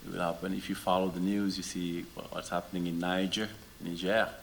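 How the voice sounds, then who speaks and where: Between songs, a middle-aged Senegalese musician talks with his live audience in English, which isn't his native language, full of energy and rhetorical questions. His voice is low and creaky, he speaks quickly, and there's a faint hiss or hum.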